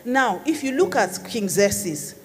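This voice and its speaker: A woman's voice: a little high, big pitch swings, takes it slowly. A woman pastor preaching a sermon in a conversational, playful teaching manner. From Nigeria. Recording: long hall reverb with faint music.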